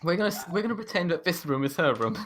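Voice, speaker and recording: A man's voice: fairly high pitch, big pitch swings, quick pace, a bit bright. A man running a tabletop game on a stream, narrating with frequent ums, restarts and laughs. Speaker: game master.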